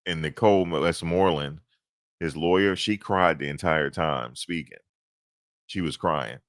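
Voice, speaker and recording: A man retells what he saw in an animated, slangy way, circling back and repeating himself. The sound is dry and close, with no room around it. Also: very deep voice, measured pace, no echo. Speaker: commentator recapping a court hearing. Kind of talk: casual recap.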